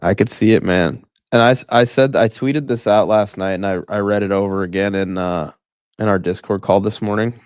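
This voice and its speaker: A man co-hosts a casual market livestream, speaking in a very low register. He talks emphatically and slangily, and his voice sounds dry and close with no room around it. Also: steady tone, normal speed, clear, resonant tone, no room sound. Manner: emphatic, slangy, calls others bro. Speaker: crypto market show co-host.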